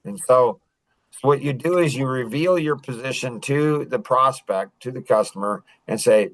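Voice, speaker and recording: Animated man coaching salespeople. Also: medium pitch, normal speed, no echo, poor audio. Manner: animated, acts out sales lines, frequent restarts. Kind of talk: casual teaching talk.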